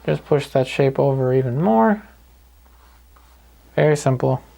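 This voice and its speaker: A man calmly talking through each step of a painting lesson in an easygoing way. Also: mid-range voice, a little slow, creaky. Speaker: painting instructor. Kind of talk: paint-along tutorial narration.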